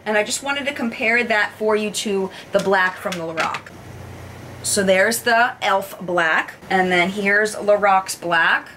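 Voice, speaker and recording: Bright bubbly woman reviewing makeup. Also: mid-range voice, measured pace, slight background noise. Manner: bubbly, gushing, exclaims in excitement. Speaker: beauty vlogger.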